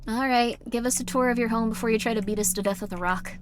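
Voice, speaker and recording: A woman chatting and reacting while streaming a horror game live, joking along and breaking into sudden loud outbursts. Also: on the high side, fairly even intonation, fast.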